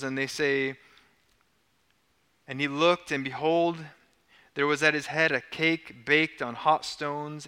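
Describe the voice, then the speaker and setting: A man's voice: fairly high pitch, sharp tone, clear, resonant tone, long reverb tail. A man preaching a sermon as a pastor, conversational and casual, playfully acting out the people in the story. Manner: conversational, acts out quotes casually.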